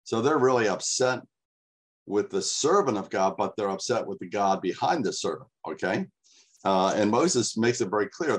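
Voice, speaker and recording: A man with a somewhat low voice preaches a sermon. He walks through scripture in a loose, chatty way and often pauses on fillers. His tone is plain and unhurried. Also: husky. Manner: conversational preaching with frequent fillers. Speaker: pastor.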